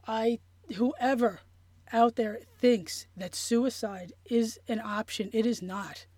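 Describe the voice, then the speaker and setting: A woman telling a personal story in an interview, earnest and emotional, halting with many restarts and fillers. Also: a little high, a little mellow, no room sound. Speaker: interview guest.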